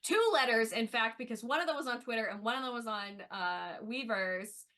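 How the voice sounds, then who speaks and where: A woman co-hosting a podcast in an easy, casual chat, gushing and quick to laugh. Her voice is bright and sits a little high. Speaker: podcast co-host.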